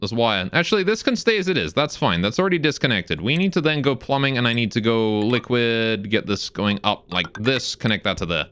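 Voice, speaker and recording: Speaking fairly quickly with hardly any pauses, this streamer has an animated, mid-range, slightly bright voice on clean audio. His live gameplay commentary is full of cursing and muttering, and he stops between game instructions to talk with his viewers.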